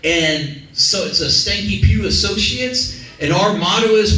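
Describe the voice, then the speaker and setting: A man's voice: high voice, animated, a little slow, pushed and bright, distant mic. Rambling male comedian in an echoey club. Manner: rambling, self-deprecating, lots of fillers. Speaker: stand-up comedian. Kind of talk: stand-up set.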